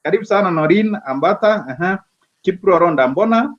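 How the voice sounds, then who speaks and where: A man's voice: high-pitched, animated, fairly quick. A man co-hosting a live online show, playfully reading out viewer greetings and teasing his co-host. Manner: playful, teasing, mixes English and Swahili. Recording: dull lo-fi sound.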